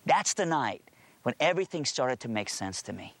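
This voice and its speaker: A man's voice: medium pitch, big pitch swings, normal speed, no echo. A man telling his conversion story and preaching in an earnest, emphatic storytelling manner. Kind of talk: testimony and sermon.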